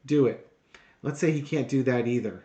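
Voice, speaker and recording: A man's voice: mid-range voice, moderate pace, warm tone, highs cut off, a little hiss or hum. A man hosts his own tarot channel in a casual monologue. He is sarcastic and exasperated and rambles with plenty of fillers. His voice sits in a middling register. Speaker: tarot reader and channel host.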